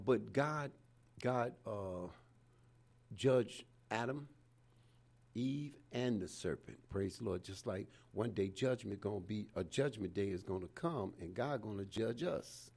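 A man's voice: lowish voice, expressive, unhurried, gravelly, a little mellow, husky. A man in his seventies preaching an informal sermon in a folksy way, dropping in "praise the Lord" again and again. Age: 70s.

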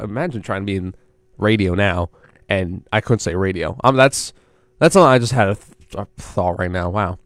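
A man's voice: fairly low pitch, no echo. Rambling young man, college radio host. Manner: rambling, self-correcting, thinks aloud. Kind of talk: casual solo radio chat.

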